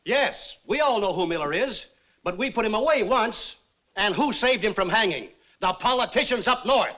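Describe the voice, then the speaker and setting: A man's voice: sits high, expressive, normal speed, pushed and bright. An actor playing an opinionated townsman arguing bluntly, on an old lo-fi film soundtrack. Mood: argumentative. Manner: blunt, argumentative. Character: opinionated male townsman shifting blame.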